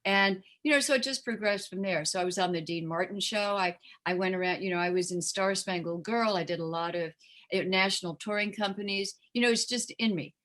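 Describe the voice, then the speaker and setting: A woman's voice: mid-range voice, fairly quick, fairly bright tone. An older woman from the United States, a guest singer and actress chatting casually in an interview, full of "you know" fillers.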